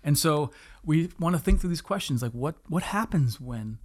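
A man in his thirties co-hosting a podcast, reading verses slowly and earnestly and chatting casually with an easy laugh. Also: a little high, expressive. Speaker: podcast co-host. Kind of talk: casual chat with scripture reading.

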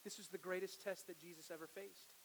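A man preaching a sermon to his congregation, earnest, moving from hushed, slow lines to loud, emphatic ones. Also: high-pitched, steady tone, slight background noise, poor audio. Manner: earnest, swings from hushed to forceful. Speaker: pastor.

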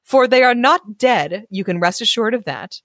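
A woman's voice: on the high side, lively intonation, normal speed, fairly bright tone, no echo, studio quality, pitched above the performer's own voice. A woman voicing a wise old male gray horse in a storybook reading, earnestly giving advice. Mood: advising.

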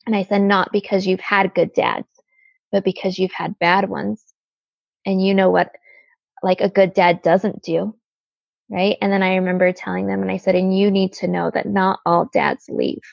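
A woman in her thirties, the guest, earnestly telling an emotional personal story with halting restarts. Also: medium pitch, little pitch movement, creaky, no echo. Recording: slightly dull lo-fi sound.

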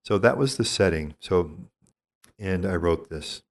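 This is an older male priest giving spiritual teaching in a calm, reflective way. His voice sits very low and deep. He talks gently and thoughtfully, measuring each phrase and often pausing mid-thought.

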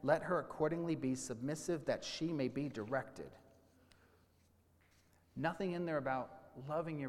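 A man preaching a sermon as a pastor, teaching with questions and slowing down to stress key points. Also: a little high, big-room sound. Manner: teaching, with questions and slowed emphasis.

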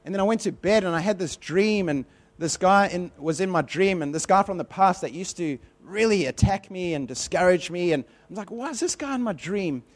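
A man's voice: high-pitched, a little fast. A man preaching a sermon in a conversational, repetitive way, telling personal stories with animation.

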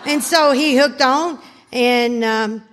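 Woman workshop speaker, high voice, animated laughing storyteller, reverberant hall. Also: takes it slowly. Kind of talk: storytelling talk to a live audience. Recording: hall reverb, faint noise.

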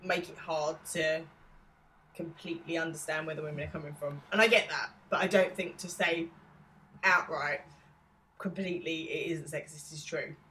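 Low-voiced woman with an East London accent. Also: fairly even intonation, moderate pace, pushed and bright. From England. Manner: thoughtful, with frequent fillers. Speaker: podcast co-host. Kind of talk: casual podcast chat.

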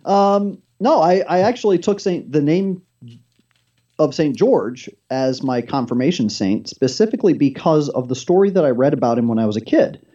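A man's voice: a little high, lively intonation, moderate pace, warm tone, highs cut off. A man appearing as a talk show guest, telling a story with animation and acting out the dialogue himself.

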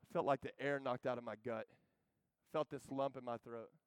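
A man preaching a sermon, swinging from loud urging to hushed storytelling. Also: mid-range voice, steady tone, normal speed, clear, resonant tone, no room sound.

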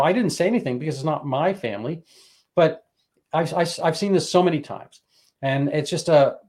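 A man hosting a casual conversation, talking in a halting way with many restarts. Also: a little high, a little mellow. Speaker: host.

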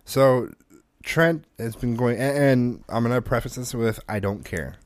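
A man's voice: mid-range voice, a little slow, dry recording. A man in his thirties in casual chat, telling a rambling family story and acting out the lines of his small child. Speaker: podcast co-host.

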